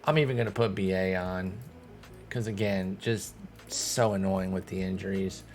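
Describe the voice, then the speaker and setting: A young man giving casual gameplay commentary as a streamer, thinking aloud and breaking into sudden excited outbursts. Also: sits low, moderate pace, soft background music. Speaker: streamer playing a baseball management game.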